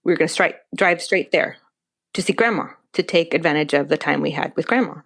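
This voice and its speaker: A young adult woman telling a personal story as a podcast guest, animated and acting out quoted dialogue. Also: sits low, fairly quick, vocal fry.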